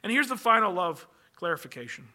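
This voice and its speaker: A man's voice: sits high, sing-song, fast talker, sharp tone. A man preaching a sermon from the pulpit, earnest and emphatic, building long lists as his energy rises. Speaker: pastor.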